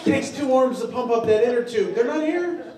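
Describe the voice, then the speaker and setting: Male stand-up comic, high voice, drawling storyteller, on stage in an echoey club, miked from a distance. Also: moderate pace, very noisy. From Tennessee. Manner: drawling storyteller with frequent fillers. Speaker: stand-up comedian. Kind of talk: stand-up comedy set.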